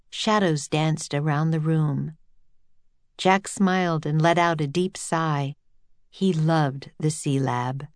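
A woman's voice: low voice, no echo. Woman narrating a children's audiobook.

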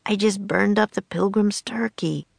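A glum, guilt-ridden young boy from a storybook, mumbling low, as a woman reader puts him on. The voice is gravelly and dry. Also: measured pace, no echo. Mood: upset. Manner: mumbling, downcast.

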